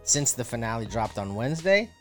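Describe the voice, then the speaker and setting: A man's voice: medium pitch, big pitch swings, brisk, soft background music. Laid-back man, lots of fillers. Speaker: podcast co-host. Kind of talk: casual chat.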